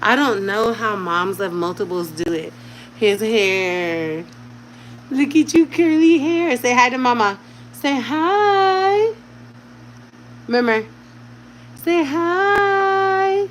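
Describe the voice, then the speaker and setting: A woman's voice: medium pitch, a little slow, a little hiss or hum, low-quality recording. A woman at home talking in casual vlog chat while caring for a baby, slipping into doting baby talk as she coaxes an infant to speak. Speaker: vlogger.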